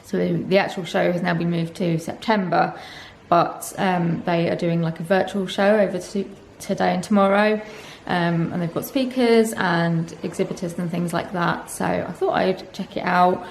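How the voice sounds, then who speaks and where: A young woman talks to her camera in a casual, rambling vlog style. Her voice sits a little low and carries a gravelly fry. She fills her sentences with ums and small laughs. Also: steady tone, normal speed, a little hiss or hum. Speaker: vlogger.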